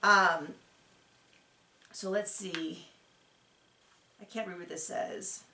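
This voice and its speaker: A woman's voice: lowish voice, fairly even intonation, drawn-out words, sharp tone, a little hiss or hum. A woman hosting a reality-TV recap, chatty and opinionated, rambling with lots of fillers. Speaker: TV show recap host. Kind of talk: casual reality-TV recap commentary. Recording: echoey room.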